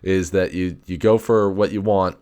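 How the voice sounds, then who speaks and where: A man with a very deep voice rambles through a casual solo rant. He swears freely, stacks up fillers and restarts his sentences often. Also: fairly even intonation, moderate pace, dark tone, clear, resonant tone. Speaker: podcast host.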